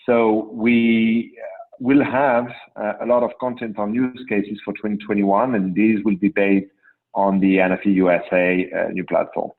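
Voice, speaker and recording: A man with a French accent explains things in a measured, pausing way, his voice sitting on the low side. The sound comes through a narrow, phone-like call line. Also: little pitch movement. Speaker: drone company panelist. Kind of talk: video call panel answer.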